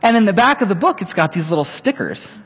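Delivering a sermon, this middle-aged pastor tells stories with animation and performs small character voices along the way. He talks fast, his voice sits high with a slight roughness, and a long hall reverb fills the recording.

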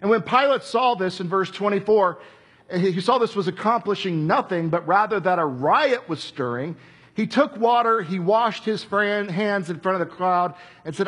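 A man with a high, husky voice preaches a sermon. He tells the story with animated energy and slips into the voices of the people he quotes. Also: normal speed.

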